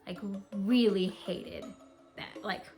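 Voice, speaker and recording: A woman's voice: medium pitch, takes it slowly, soft background music. A young woman casually telling a spooky family story, rambling with lots of fillers. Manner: rambling, filler-heavy, animated. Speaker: co-host.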